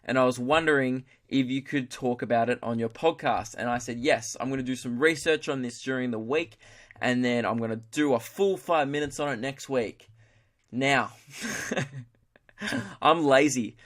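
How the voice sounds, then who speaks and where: A man's voice: medium pitch, a little slow, a bit bright. A young Australian man hosting a solo comedy podcast. He rambles, mocks himself, swears freely and talks in broad slang. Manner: rambling, jokey, self-mocking, swears freely. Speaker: podcast host.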